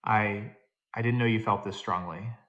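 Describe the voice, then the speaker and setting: A man voicing a busy wife on a phone call who speaks briskly and sharply, in a low, plain voice. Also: steady tone, a bit bright, natural voice.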